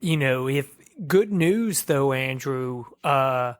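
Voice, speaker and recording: A man's voice: mid-range voice, lively intonation, slow, no echo, clean studio sound. A man co-hosting a podcast, chatting casually with laid-back short replies. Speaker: podcast co-host. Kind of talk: casual chat.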